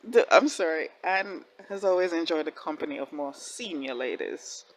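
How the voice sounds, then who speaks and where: A woman hosting a reaction video, giving casual commentary in an excitable way, laughing often and talking back at the screen. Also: deep voice, normal speed, slight background noise, rough recording.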